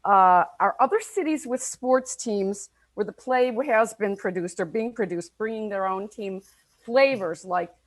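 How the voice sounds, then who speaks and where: A woman's voice: medium pitch, unhurried. A woman from Buffalo, New York, interviewing a playwright with friendly, curious questions. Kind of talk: casual interview.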